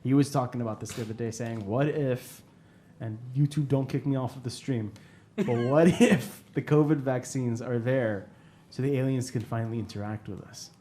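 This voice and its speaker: A man's voice: medium pitch, moderate pace, warm tone, slight background noise. A man hosting a podcast in casual chat, talking into a studio microphone, swearing freely and laughing often. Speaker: podcast host. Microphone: studio microphone with headphones.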